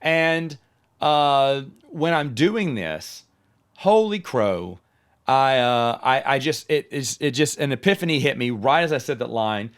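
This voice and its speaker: A man talks alone on his podcast in a relaxed, chatty way. He tells anecdotes with lively energy and often starts a sentence over before finishing it. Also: mid-range voice, measured pace, smooth. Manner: chatty, animated storyteller who often restarts sentences. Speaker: podcast host. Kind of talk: casual solo podcast monologue.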